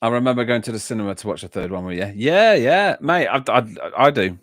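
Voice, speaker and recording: An English host with a mid-range, lively voice speaks a little fast in clean, studio-quality audio with no room sound. On his music reaction livestream he rambles casually, reading and answering viewers' live comments with many fillers and restarts.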